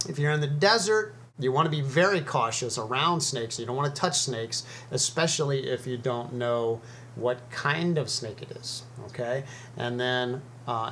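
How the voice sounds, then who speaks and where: A man's voice: medium pitch, fairly bright tone, a little hiss or hum. A man hosting his own video, explaining snakes in a chatty, easygoing way with frequent ums and uhs. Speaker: snake educator and video host. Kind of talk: casual educational talk to camera.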